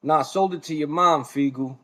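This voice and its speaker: A man's voice: a little high, brisk, pushed and bright. A man streaming a reaction video, ranting and confronting another streamer in a heated, profane way. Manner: confrontational, profane, calls the other man son.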